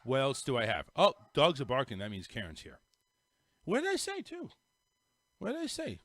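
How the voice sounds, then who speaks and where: This middle-aged Northern US host chats casually on his show, meandering through a tale with repeated words and many restarts. He speaks at a moderate pace in a medium, slightly bright voice with huge pitch swings.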